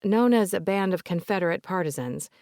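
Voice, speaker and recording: A woman narrating a mystery audiobook in an even, steady storytelling manner. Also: lowish voice, a little fast, no room sound, clean studio sound.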